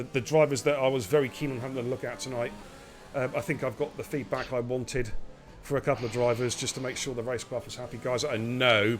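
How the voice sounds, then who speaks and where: Chatty man hosting a live stream. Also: medium pitch. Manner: chatty, relaxed and jokey. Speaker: esports race league host. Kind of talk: casual live-stream commentary.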